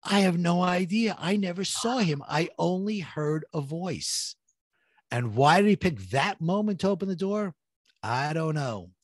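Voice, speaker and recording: A man's voice: high-pitched, animated, measured pace, no room sound, clean studio sound. A middle-aged man tells a personal survival story, acting out what each person said and building suspense. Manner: vivid, reenacts dialogue, builds suspense. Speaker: guest telling his story.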